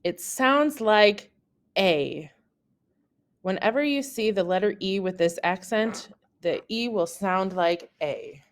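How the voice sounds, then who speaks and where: A woman narrating a scripted beginner lesson, explaining carefully and deliberately, with lively pitch jumps on the examples. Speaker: French teacher.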